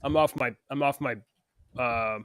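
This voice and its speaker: A man's voice: medium pitch, fairly even intonation, a little slow, fairly bright tone, clear, resonant tone, no room sound. A man co-hosting a morning talk show, reading news aloud and ranting about it with scorn. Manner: heated, scornful, reads news aloud then rants. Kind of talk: opinionated political rant.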